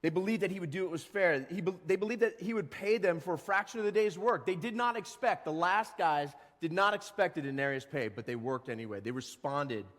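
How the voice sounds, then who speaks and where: A man preaching a sermon as pastor, animated, acting out short voices and quotes. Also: high-pitched, a little fast, few pauses, in a large hall. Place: church sanctuary.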